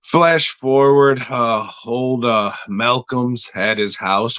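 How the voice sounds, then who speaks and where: A man's voice: mid-range voice, steady tone, slow, few pauses, a bit bright, clean tone, dry recording, highs cut off. A man reviewing a horror episode in casual, rambling podcast talk, crude and offhand.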